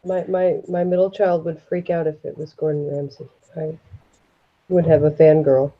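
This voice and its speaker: A woman's voice: low voice, flat delivery, normal speed, muffled recording, a little hiss or hum. A woman in her thirties, a mother, chatting easily and laughing along. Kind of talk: casual chat.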